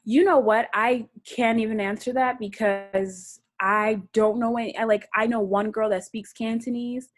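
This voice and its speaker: A woman guest in a casual video interview, relaxed and laughing often, correcting herself as she talks. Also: a little high, moderate pace, hardly any pauses. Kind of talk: casual video-call chat. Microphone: video call.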